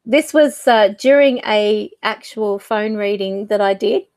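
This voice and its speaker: A woman's voice: mid-range voice, unhurried, darkish tone, clear, resonant tone, dry recording. A woman hosting her own channel, talking casually to camera as a psychic medium, rambling and searching for words with fillers. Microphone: desk mic.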